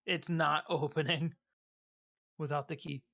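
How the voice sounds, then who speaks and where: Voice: medium pitch, fairly even intonation, measured pace, creaky, pushed and bright, lo-fi sound. A game master running a streamed tabletop game, laughing often and teasing the players.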